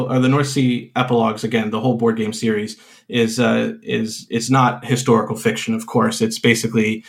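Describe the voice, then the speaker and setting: A man, a game designer appearing as a podcast guest, talking hesitantly with many pauses and restarts. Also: medium pitch, level tone, gravelly. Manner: hesitant, full of uhs and restarts. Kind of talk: casual interview chat.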